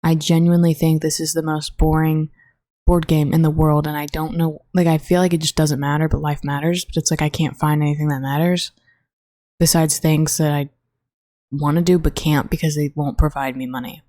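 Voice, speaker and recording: A young college woman rambles through a solo podcast, full of fillers and the odd swear. Her voice sits low, with a mellow, warm tone, and sounds close and dry on her own mic in a dorm room. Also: little pitch movement, brisk, no echo. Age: young adult. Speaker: podcast host. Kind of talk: casual solo chat.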